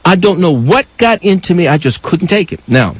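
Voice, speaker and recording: An older man from New York telling a passionate personal story as a live radio call-in co-host, with a husky voice and wide emotional swings. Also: high voice, sing-song, moderate pace, no echo, poor audio. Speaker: radio talk show co-host.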